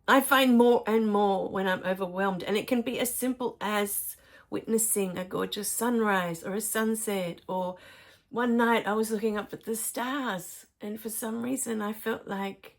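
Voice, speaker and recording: Middle-aged woman, gentle spiritual teacher, soft and emotional delivery with frequent fillers. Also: mid-range voice, fairly even intonation, measured pace. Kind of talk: personal spiritual storytelling.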